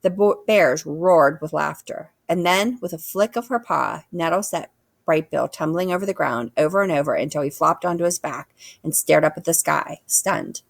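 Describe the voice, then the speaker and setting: A woman reading a children's book aloud with expressive storytelling. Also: deep voice, normal speed, gravelly, no room sound. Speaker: reader.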